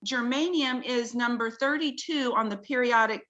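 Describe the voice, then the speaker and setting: A woman's voice: a little high, moderate pace, fairly bright tone, highs cut off. A woman, a talk-show guest, earnestly walking through slides of her research in a video-call conversation and explaining each with wonder.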